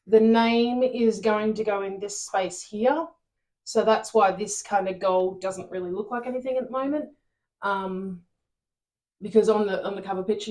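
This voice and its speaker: A woman's voice: medium pitch, a little mellow. A woman co-hosting a cross stitch video, chatting casually and laughing through her words. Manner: chatty, laughing while she talks. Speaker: co-host of a cross stitch channel. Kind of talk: casual chat.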